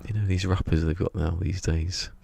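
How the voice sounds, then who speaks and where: A man's voice: sits low, flat delivery, moderate pace, vocal fry, darkish tone. A man chatting casually while streaming a game, rambling and chuckling as he talks to himself. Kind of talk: casual gaming stream chat. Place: home room.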